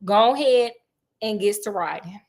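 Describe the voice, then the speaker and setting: A woman's voice: mid-range voice, normal speed, a little mellow, pitched below the performer's own voice, close to an everyday voice. Woman plays tired old grandma, bossy drawl, storytime voice.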